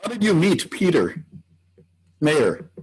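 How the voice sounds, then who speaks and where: A man's voice: fairly high pitch, huge pitch swings, slow, a little mellow, husky, rough recording. A man interviewing an older musician, mostly giving brief, encouraging remarks and short questions. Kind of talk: casual interview.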